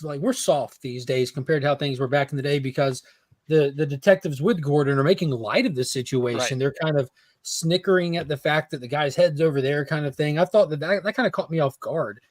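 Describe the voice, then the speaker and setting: A laid-back man talking comics with a friend, his voice sitting a little high. The sound is dry and close, with no room around it. He rambles easily and laughs at his own jokes. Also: brisk, no room sound. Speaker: podcast co-host. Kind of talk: casual comics discussion.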